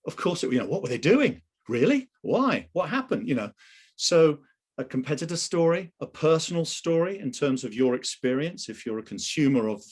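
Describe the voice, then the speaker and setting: A middle-aged man talks on a video call, leading a sales training webinar. His pitch rises and falls in a lively way as he poses questions to the listeners and answers them himself, staying chatty throughout. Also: breathy edge. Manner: animated, conversational, asks the audience questions. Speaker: webinar presenter and sales coach. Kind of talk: live webinar presentation.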